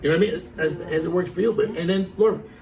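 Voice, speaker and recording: A middle-aged man telling a story in a casual, animated way, acting out the quotes and laughing as he goes. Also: high-pitched, fast talker, creaky, distant mic, a little hiss or hum, low-quality recording.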